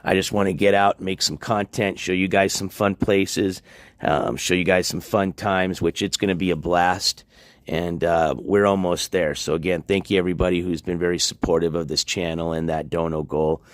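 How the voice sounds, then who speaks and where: A man hosting a casual livestream from his home and yard, chatting in a relaxed, rambling way with many fillers, recorded on a handheld phone. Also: deep voice, moderate pace, no room sound, studio quality. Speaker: livestream host. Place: at home, moving between yard and house. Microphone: handheld phone on a gimbal.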